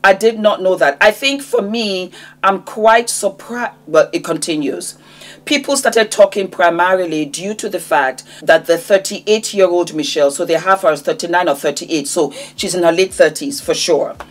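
A woman's voice: fairly low pitch, normal speed. A woman of Gambian and Nigerian heritage hosting a celebrity gossip channel, chatting bubbly to camera, laughing often, and reading news items aloud. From half Gambian, half Nigerian. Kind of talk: casual chat to camera.

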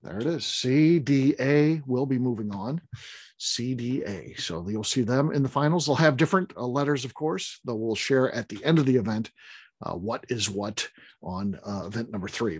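A man's voice: medium pitch, breathy edge, dry recording. A man hosting a whiskey tasting, casually reading out the results with lots of fillers and repeated phrases.

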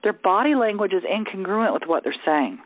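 A communication coach from the southern US coaches a group over a call, her medium-pitched voice animated and a little fast. She talks in an easygoing way, checking in with "okay?" The line sounds tinny, like a phone, with no room sound.

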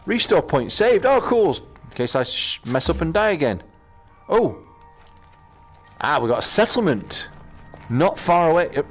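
Lively-voiced British man commenting on gameplay. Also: a little high, measured pace, pauses often, faint music behind. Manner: chatty, talks to himself while playing, exclamations. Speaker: gaming channel host.

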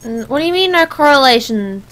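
A woman's voice: high voice, expressive, brisk, a bit bright, a little hiss or hum. A young woman giving rambling, jokey let's play commentary as she plays a game. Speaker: gamer.

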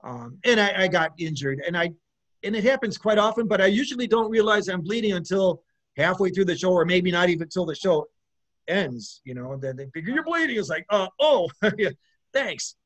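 A man's voice: high-pitched, a little fast. A middle-aged man, a guest musician, talking loosely in an interview with lots of restarts. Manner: rambling, with many restarts and laughs. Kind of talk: casual interview chat.

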